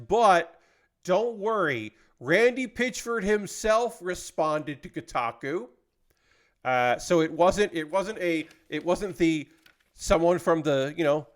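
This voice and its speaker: A man hosting a live stream, chatting casually while building a model kit, rambling with lots of fillers. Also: a little high. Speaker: livestream host.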